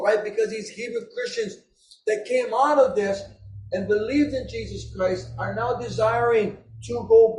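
A man preaching an impassioned, emotional sermon, raising his voice to a shout at its peaks. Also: high-pitched, slight background noise. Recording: roomy echo.

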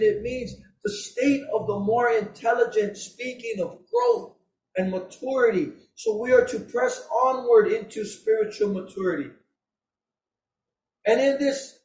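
High-voiced man preaching, roomy echo. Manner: impassioned, shouting at peaks, emotional. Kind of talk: sermon.

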